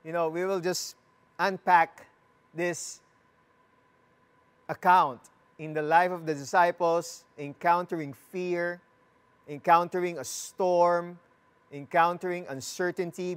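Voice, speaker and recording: A preacher delivers a sermon at an unhurried, measured pace. The voice sits at a middle pitch, and the delivery leans on repeated phrases. Questions are put straight to the listeners, with a light, joking touch. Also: steady tone, clean tone. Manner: asks the listeners questions and jokes with them. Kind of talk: sermon with scripture reading.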